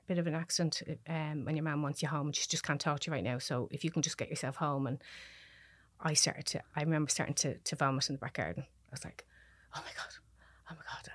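A woman with a Dublin Irish accent, a podcast guest telling a personal story in halting, restarting sentences and voicing what others said. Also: low-pitched, dry recording. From Ireland. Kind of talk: personal story told in conversation.

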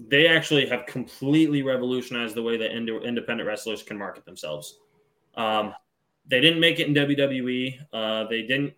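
A man co-hosting a wrestling podcast, talking in a relaxed, rambling way with frequent ums. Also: mid-range voice. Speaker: podcast co-host. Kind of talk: casual wrestling podcast chat.

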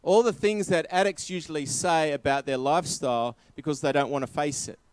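A man's voice: a little high, fairly quick, clean tone, dry recording. A man preaching a sermon, emphatic and repeating his key phrases.

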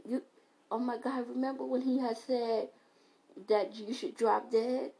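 Woman, podcast host, comedic motivational rant, animated, preachy. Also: a little high, a little slow, gravelly, poor audio. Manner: animated, preachy, laughs between lines.

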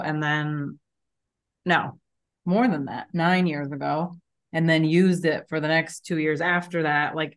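Woman, low register, podcast co-host, relaxed and chatty. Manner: chatty and reflective. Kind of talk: casual chat.

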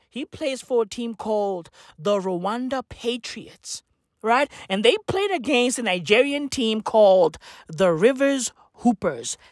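A woman with a high-ish voice delivers a mocking, profane sports rant, laughing often and repeating herself in exasperation. She's a sports commentator, and the recording is dry and studio quality.

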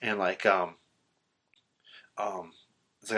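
A man's voice: mid-range voice, a little fast, fairly bright tone. A young man in a casual chat about a film, rambling with lots of fillers and swearing freely. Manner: rambling, profane, many fillers.

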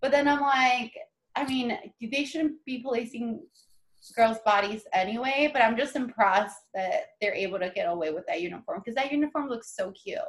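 Chatty young woman, fairly high voice. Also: normal speed. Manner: chatty, animated, acts out quotes with many "like"s. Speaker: podcast co-host. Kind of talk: casual chat about a TV show.

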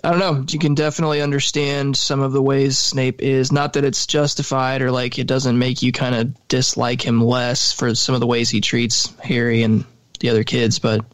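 A man's voice: mid-range voice, level tone, moderate pace, no echo. A man co-hosting a podcast, talking casually and hesitantly with many fillers. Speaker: podcast co-host. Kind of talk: casual chat.

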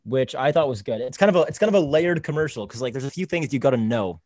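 A man's voice: mid-range voice, lively intonation, darkish tone, no echo. A young man in casual chat, laid-back and full of "like"s. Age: young adult. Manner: fast, laid-back, many "like"s. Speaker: podcast co-host.

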